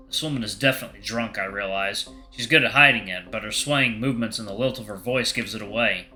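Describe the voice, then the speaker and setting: A man's voice: fairly low pitch, fairly quick, sharp tone, faint music behind. A man narrating a visual novel aloud in the first person, with wry asides. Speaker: game streamer reading a visual novel.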